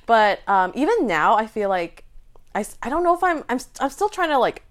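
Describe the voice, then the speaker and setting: A young woman from Vancouver in casual chat, lively, laughing often and restarting her sentences. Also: fairly high pitch, brisk. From Vancouver, Canada.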